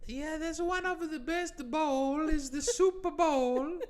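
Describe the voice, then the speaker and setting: A man putting on a mock Italian accent to play a loud, slow-talking Super Bowl expert in a comedy sketch. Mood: hammy. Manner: slow, exaggerated, high-pitched.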